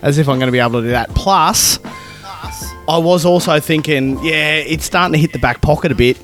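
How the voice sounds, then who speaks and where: A man's voice: a little high, brisk, a bit bright, soft background music. A man, a podcast co-host joking and swearing in casual chat with his mates. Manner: jokey, laughs often, swears.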